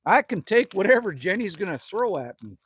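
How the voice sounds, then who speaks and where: A man's voice: high voice, very animated, a little fast, fairly bright tone, husky. A man from Manitoba, Canada, chatting casually on a livestream from a cabin, rambling, joking and reading chat messages aloud. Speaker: livestream host. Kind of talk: casual live-stream chat. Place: indoors at a cabin with a wood stove.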